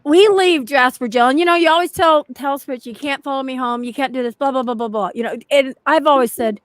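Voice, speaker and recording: A woman with a high voice tells a story in a casual chat among fellow paranormal investigators. She rambles and restarts her sentences often. Her voice sounds close and dry. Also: fairly quick, no room sound.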